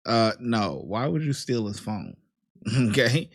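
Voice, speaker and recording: A man's voice: mid-range voice, expressive, takes it slowly. A man hosting a reaction video, giving laid-back, slangy commentary and laughing often. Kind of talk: casual commentary on bodycam footage.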